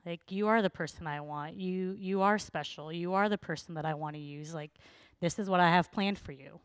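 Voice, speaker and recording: A woman voicing a calm, reassuring God. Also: fairly low pitch, normal speed, smooth, dry recording, natural voice. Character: calm reassuring male deity.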